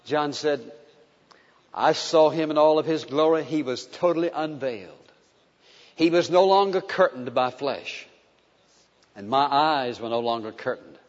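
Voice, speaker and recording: A man with a fairly high voice preaches with fervor, pressing his points hard and then dropping to a near-hush. The recording is dull and lo-fi, and a long hall reverb trails every phrase. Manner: impassioned, swinging between emphatic outbursts and hushed tenderness. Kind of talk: sermon.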